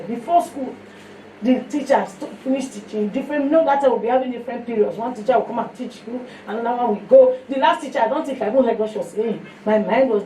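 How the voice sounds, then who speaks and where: Woman, Nigerian accent, sermon, personal testimony, animated storytelling, somewhat high voice, roomy echo, faint background noise. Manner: storytelling, animated, breaks into song. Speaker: fellowship speaker. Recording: echoey room, mic heard from a distance, faint noise.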